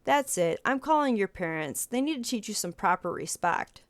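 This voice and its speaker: A woman voicing a stern, pompous male schoolteacher who scolds in a prim, formal way over soft game music. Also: medium pitch, lively intonation, normal speed, dry recording, close to an everyday voice. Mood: indignant.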